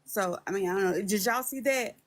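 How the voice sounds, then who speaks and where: A woman's voice: medium pitch, a little fast, dry recording. Hesitant, questioning woman, dry close sound, live chat guest. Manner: hesitant, questioning, filler-heavy. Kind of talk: casual chat.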